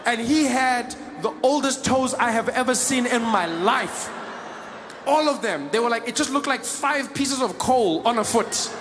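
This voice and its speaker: A man with a South African accent performing stand-up comedy, telling a story in an animated way and slipping into other people's voices. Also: very high-pitched, measured pace, noisy background.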